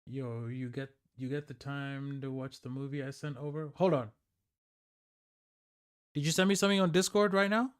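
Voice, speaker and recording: Smooth-voiced man chatting to his stream. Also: mid-range voice, fairly even intonation, moderate pace, pauses often. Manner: loose and chatty, reads and answers chat aloud. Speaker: livestreamer. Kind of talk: casual chat with live stream viewers.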